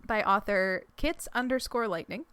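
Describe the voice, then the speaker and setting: A young adult woman co-hosts a podcast, chatting casually and giggling while reading a fic summary aloud, her retelling full of rambling fillers and restarts. She speaks at normal speed in a mid-range, fairly bright, clean voice with no room sound.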